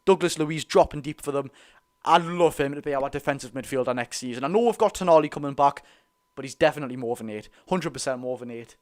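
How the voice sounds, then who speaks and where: A man with a Geordie accent giving excited, rapid live football commentary as host of a fan watch-along, cheering his side on. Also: mid-range voice. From North East England. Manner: talks very fast; animated, cheers players on.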